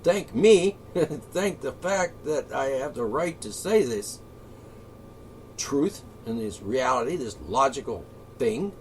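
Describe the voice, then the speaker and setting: A man delivering an angry, profane solo rant, sarcastic and swinging between shouting and muttering. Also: mid-range voice, expressive, slow pace, a little hiss or hum. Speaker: political commentator.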